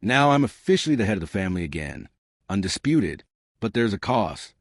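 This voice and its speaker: A steady, guarded crime boss, read by a man in a low voice. He speaks quietly and with restraint, yet his pitch moves a lot from line to line. The sound is dry and close. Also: brisk, no room sound. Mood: firm. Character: calm, guarded male crime boss, adult.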